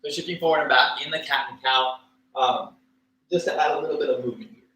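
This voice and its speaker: A man teaching a livestreamed yoga class, cueing poses and breaths in a relaxed, casual way with fillers and small jokes. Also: mid-range voice, fast talker. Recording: echoey room with faint ambient noise.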